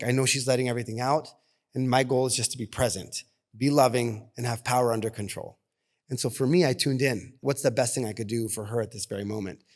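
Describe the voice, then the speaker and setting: A man co-hosting a podcast, telling a personal story in an earnest, animated way. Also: mid-range voice. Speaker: podcast co-host. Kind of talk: casual podcast conversation.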